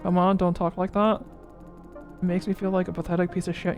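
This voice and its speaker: Streamer voicing a story game's dialogue, middle pitch, faint music behind. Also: level tone, brisk. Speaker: game streamer reading dialogue aloud. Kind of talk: voicing visual novel dialogue in a playthrough.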